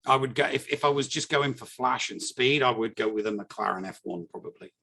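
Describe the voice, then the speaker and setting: Gravelly English man, blunt and wry. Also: medium pitch, a little fast, bright, forceful tone. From England. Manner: blunt, dry, wry complaints. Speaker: podcast co-host. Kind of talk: casual chat.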